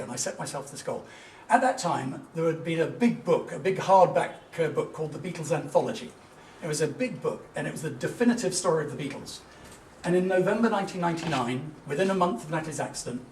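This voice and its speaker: A middle-aged man delivers a motivational business talk with a fairly high voice, full of earnest, emphatic storytelling. He is heard from a little way off in an echoey hall, with faint room ambience behind him. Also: recorded from a distance, a little hiss or hum. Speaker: business speaker.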